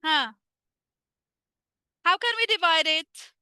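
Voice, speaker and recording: Egyptian lady teaching english online, high voice, dry close sound, drags her english words slow. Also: expressive, pushed and bright, no echo. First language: Egyptian Arabic. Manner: switches between English and Arabic, asks questions and answers them herself; slow, drawn-out English for teaching, rapid Arabic asides. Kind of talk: live online English lesson.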